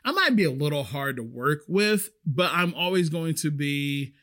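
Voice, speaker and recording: Server guy telling a story, chatty and animated, lots of "like", voice a bit high. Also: normal speed. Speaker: restaurant server. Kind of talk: casual storytelling.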